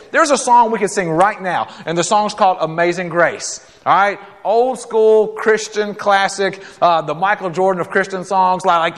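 A man preaching a sermon as a guest preacher, telling a story in an animated, conversational way with quick asides and acted-out quotes. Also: high voice, long reverb tail. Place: church sanctuary.

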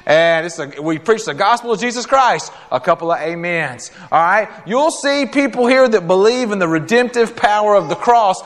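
A man preaching a sermon as a guest preacher, telling a story in an animated, conversational way with quick asides and acted-out quotes. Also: high-pitched, in a large hall. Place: church sanctuary.

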